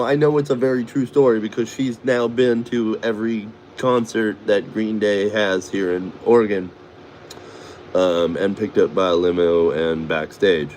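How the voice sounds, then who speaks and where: A man's voice: on the low side, steady tone, measured pace, darkish tone, slight background noise. A middle-aged man from Chicago rambling casually, cursing and laughing often. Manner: profane, laughs often, does voices. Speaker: vlogger.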